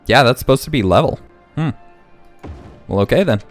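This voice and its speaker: A man's voice: mid-range voice, animated, soft background music. A young man hosting a casual city-building gameplay video, thinking aloud as he works. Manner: slow, thinking aloud, hiccuping. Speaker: let's play host.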